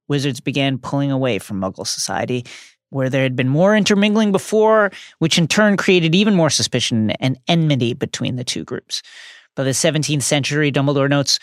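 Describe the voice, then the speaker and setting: Between casual chat, this man co-hosting a podcast reads passages from a book in a hammy, theatrical style full of big pitch swings. The recording is dry and studio quality.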